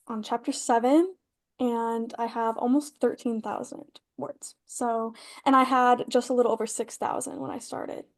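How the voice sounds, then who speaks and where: A young woman co-hosting a podcast, chatting casually with lots of fillers and restarts. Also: fairly high pitch. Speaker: podcast co-host. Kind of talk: casual chat. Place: home, on a call.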